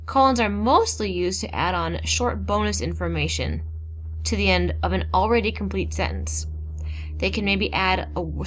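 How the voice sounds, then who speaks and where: A low-voiced woman teaching grammar to a class. She explains with patient emphasis on key terms. She slips in informal asides along the way. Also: a little hiss or hum. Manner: explains slowly, stressing key words, with casual asides. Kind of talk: grammar lesson.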